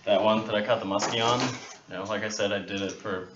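A guest angler with a lowish male voice tells a casual fishing story at a quick pace, animatedly acting out other people's lines. He sits back from a distant mic in an echoey workshop, and the sound is a bit dull with faint hiss underneath.

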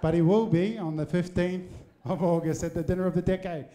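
Warm-toned and high-pitched, the host's voice is steady and a little fast as he addresses a packed hotel function room of supporters through a handheld microphone. He plays to the audience with rousing jokes and teasing asides, while the crowd is faintly heard behind him.

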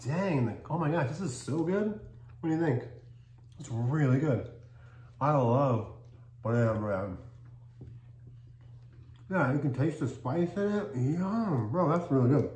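A man's voice: on the high side, lively intonation, measured pace, pauses often, a little mellow. A man hosting a casual cookie-tasting vlog, upbeat and chatty as he talks while chewing. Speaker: cookie reviewer, channel host. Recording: echoey room, faint background noise.

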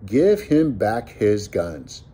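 A white-haired frontier printer, played by a man reading aloud, who states things plainly. His voice is mellow and husky and moves widely in pitch. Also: sing-song, drawn-out words, exaggerated voice. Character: white-haired older male town printer, blunt. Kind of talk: audiobook character voice.

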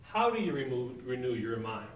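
In a church sanctuary, a man gives an informal Bible lesson, conversing with his class and firing questions at them. His mid-range voice is highly animated at a moderate pace, though the audio is dull with a bit of background noise. Picked up from afar, it carries a roomy echo.

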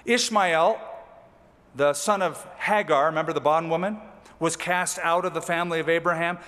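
In a steady, slightly bright voice on the high side, a pastor preaches verse by verse at normal speed. He reads each passage aloud and unpacks it with relaxed, chatty asides, and a hall's long reverb surrounds the recording.

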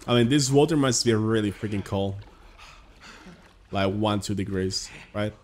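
A man's voice: on the low side, normal speed. A young man streaming a video game live, chatting casually with viewers and reacting aloud to the game. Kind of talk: casual live gameplay chat.

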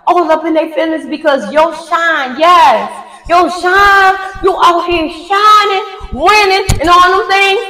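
A woman giving a tarot reading in a sassy, emphatic way, full of profanity and drawn-out words. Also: high-pitched, fairly bright tone. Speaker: tarot reader. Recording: echoey room with long reverb.

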